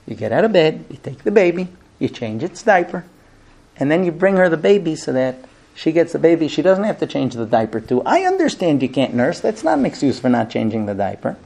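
Animated man lecturing a class. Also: a little high, fairly quick, creaky. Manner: humorous, acts out quoted dialogue, many fillers. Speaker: teacher giving marriage advice to grooms. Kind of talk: lively lecture to a small class. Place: room with a live audience.

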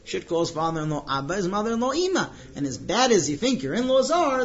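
A high-voiced man teaches a Torah lesson, telling the story dramatically and drawing out the tense moments. The recording sounds dull and lo-fi. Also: big pitch swings. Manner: dramatic storyteller, slows down for tension. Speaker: religious teacher.

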